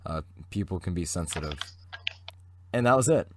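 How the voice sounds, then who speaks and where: A man's voice: deep voice, expressive, moderate pace, noisy background. Rambling teenage boy telling a story. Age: teens. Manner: rambling storyteller, heavy on fillers and restarts. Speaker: podcast co-host. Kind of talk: casual chat.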